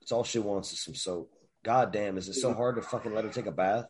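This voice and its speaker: A man's voice: on the low side, a little fast, crowd noise. Laughing, foul-mouthed man chatting. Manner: loud, laughing, swears a lot. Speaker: podcast co-host. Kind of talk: casual chat. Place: home over voice chat.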